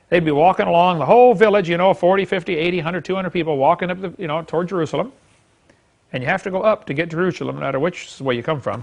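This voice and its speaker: A man's voice: on the high side, gravelly. A man teaching a Bible class to a live audience, folksy and emphatic, chuckling as he acts out quoted speech.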